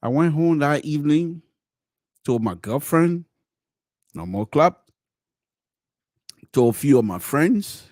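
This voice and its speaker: Animated man telling a story. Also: slow pace, pauses often, no echo, clean studio sound. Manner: animated, swings between loud exclamations and low murmurs; frequent restarts and repeated words. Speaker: podcast host. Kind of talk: storytelling commentary.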